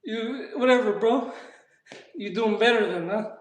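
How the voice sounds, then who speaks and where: A man's voice: sits high, a little slow. A man chatting casually in street slang while he works out on a live stream and answers his chat. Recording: echoey room.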